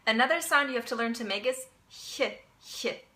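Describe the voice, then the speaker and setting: A woman teaching a casual language lesson, explaining step by step, repeating example words slowly and often checking in with "okay?". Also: on the high side, sharp tone, rough recording.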